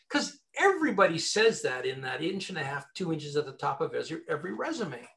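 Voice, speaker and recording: A man's voice: fairly high pitch, fairly quick, creaky, hardly any pauses. A man who works as a recruiter and author, telling stories emphatically as a guest in an interview. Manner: animated storyteller, emphatic. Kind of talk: conversational interview.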